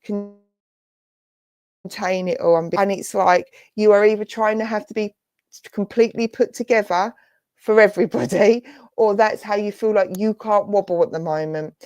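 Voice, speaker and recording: An English woman giving a gentle, reassuring clairvoyant reading as a spiritualist medium during an online church service. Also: mid-range voice, moderate pace, dry recording. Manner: soft, reassuring, affectionate, addresses listener as darling and lovely.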